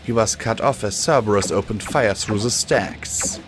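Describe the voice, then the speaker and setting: A man reading a fan-fiction audiobook in a measured, steady first-person narration. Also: on the low side, faint music behind. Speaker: audiobook reader.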